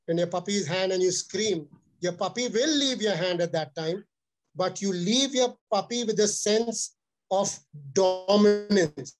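A man's voice: high-pitched, unhurried, soft background music. A middle-aged man with an Indian accent, earnestly lecturing dog owners in a webinar and repeating his key points. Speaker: dog trainer giving a webinar talk. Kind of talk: instructional webinar talk.

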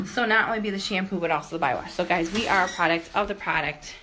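A woman's voice: fairly low pitch, fast talker, bright, forceful tone, slight background noise. Upbeat woman chatting on a house tour. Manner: upbeat, chatty, says "okay?" and "guys" often. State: out of breath. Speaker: vlogger giving a house tour. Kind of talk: casual product tour talking to camera. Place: inside a house, walking from room to room.

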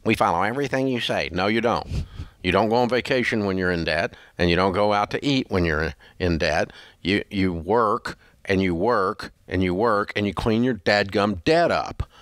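With a lowish, fairly bright voice, this male radio host hands out blunt financial advice on a call-in show. He repeats himself, scolds, and hammers his points home, recorded in clean studio sound without echo.

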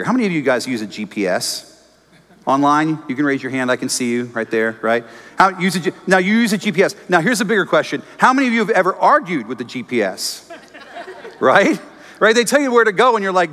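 A man's voice: mid-range voice, normal speed. A man preaching a sermon as pastor, telling stories with humor and acting out the voices of the people he quotes. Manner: animated storytelling, acts out quoted voices, jokes with congregation. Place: church auditorium. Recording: long reverb of a church hall.

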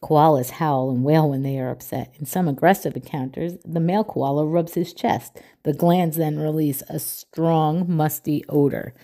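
A woman reading a children's picture book aloud with clear, expressive storytelling. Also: low-pitched, moderate pace, few pauses.

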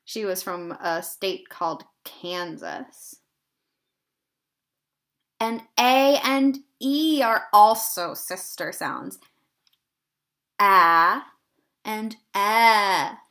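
A woman teaching a kindergarten phonics lesson, sounding out short words deliberately and drawing them out for young children. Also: mid-range voice, pushed and bright.

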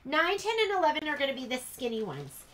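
A woman's voice: sits high, huge pitch swings, quick pace, a bit bright, slight background noise. A woman teaching a casual sew-along in her sewing room, chatty and rambling as she works. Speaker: sewing instructor.

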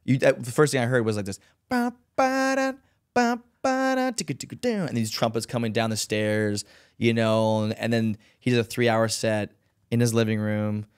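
A man guesting on a podcast, telling lively stories full of fillers and putting on high voices for quotes. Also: a little fast, smooth, no echo, clean studio sound. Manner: animated storyteller, acts out quotes in high voices, many fillers. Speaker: podcast guest, professional dancer. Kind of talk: casual chat, storytelling.

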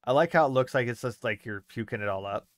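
An easygoing man talks through a co-op game with a friend. His speech is plain-spoken and a little rambling, with a relaxed, everyday tone and a mid-range voice. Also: medium pitch, fast talker. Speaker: co-op gaming partner. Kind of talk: casual co-op gaming chat.

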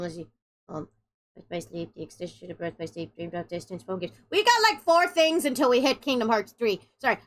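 A woman's voice: a little high, fairly bright tone. A woman chatting casually on a game stream, goofy and rambling, swearing as she goes. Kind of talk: casual live-stream chat.

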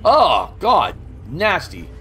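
A man's voice: fairly high pitch, huge pitch swings, very slow, bright, forceful tone, soft background music. Chatty swearing streamer guy. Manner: chatty, swears, reads chat aloud. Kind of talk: casual gameplay commentary.

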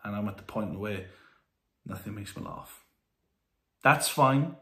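A man vlogging candidly to camera from a warm room at home, earnest and halting, his voice full of feeling. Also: lowish voice, roomy sound.

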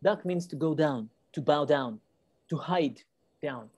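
A woman teacher with a low voice reads a children's book aloud on a video call. She talks slowly and patiently and stops to explain words. The sound is dry and close. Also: lively intonation, a little mellow, slightly rough, no room sound. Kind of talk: reading a storybook to children.

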